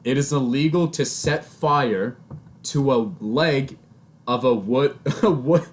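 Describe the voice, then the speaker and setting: A man's voice: mid-range voice, slow, background noise. A young man with a Canadian accent co-hosting a casual podcast, reading out strange laws and laughing often. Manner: giggly, reads out odd laws. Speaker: podcast co-host. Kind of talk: casual chat.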